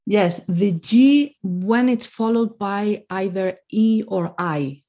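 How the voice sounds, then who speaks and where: A woman teaching Spanish pronunciation, patient and clear as she models words and explains rules. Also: medium pitch, slow, dark tone. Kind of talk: language lesson.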